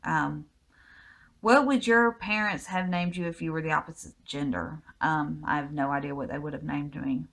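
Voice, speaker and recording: A Southern American woman with a fairly low voice chats through a personal question list in a home vlog. Her answers ramble easily and are full of little ums. It sounds relaxed and unscripted. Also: normal speed, vocal fry. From United States. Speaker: vlogger. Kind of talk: casual Q&A vlog.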